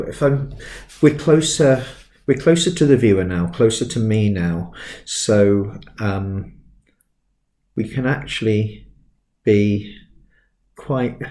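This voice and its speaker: A man in his fifties giving a relaxed sketching tutorial, chatty and self-deprecating, drifting into stories as he works. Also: on the low side, echoey room. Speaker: art tutor.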